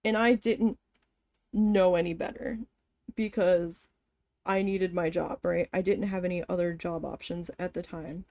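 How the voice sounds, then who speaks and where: A woman's voice: on the low side, measured pace, no room sound. A woman telling a story casually as she vents about an old job, swearing and acting out what people said. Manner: venting, animated, swears, acts out quoted voices. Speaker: vlogger. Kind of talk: casual storytime while embroidering.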